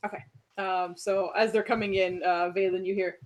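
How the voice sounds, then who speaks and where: A woman's voice: medium pitch, fairly even intonation, normal speed. A woman running a tabletop role-playing game, narrating scenes and voicing characters in a chatty, casual way. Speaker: game master.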